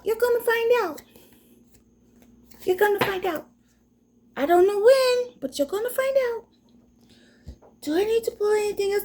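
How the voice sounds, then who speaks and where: A woman's voice: extremely high pitch, warm tone. A woman giving a casual tarot reading, blunt and profane, rambling as she talks. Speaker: tarot reader.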